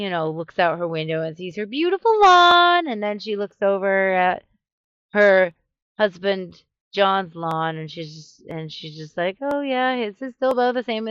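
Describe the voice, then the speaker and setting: A woman vlogger telling a story in a chatty, animated way, full of casual fillers. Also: on the low side, clear, resonant tone, no room sound, lo-fi sound. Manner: chatty, animated, many "you know" fillers. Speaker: vlogger giving relationship advice.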